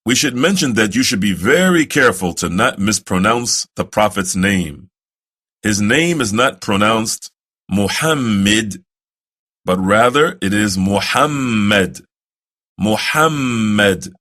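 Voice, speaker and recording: Slow deliberate low-voiced male teacher. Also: a bit bright. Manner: slow and deliberate, repeating phrases for the listener to copy; recites prayer phrases in drawn-out chant. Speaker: religious teacher for new converts. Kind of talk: slow instructional lesson on prayer.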